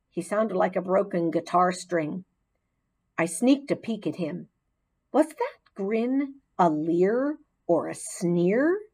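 A woman narrating a children's storybook in an expressive, gently dramatic way. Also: fairly low pitch, low-quality recording. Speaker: audiobook narrator.

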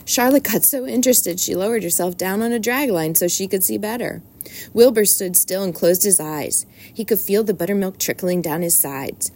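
A woman reading a children's storybook aloud at an unhurried, plain pace. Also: medium pitch, a little mellow.

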